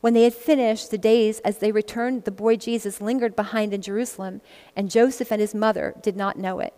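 A woman's voice: medium pitch, fairly even intonation, a little fast, mellow. A woman leading a casual Bible teaching, reading verses aloud and commenting in a chatty way, laughing often between passages. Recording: long echoey reverb.

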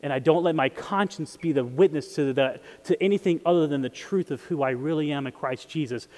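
A man's voice: a little high, a little mellow, long reverb tail. A man preaching a sermon in a conversational way, often checking in with his listeners. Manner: conversational, asks the audience often. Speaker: pastor.

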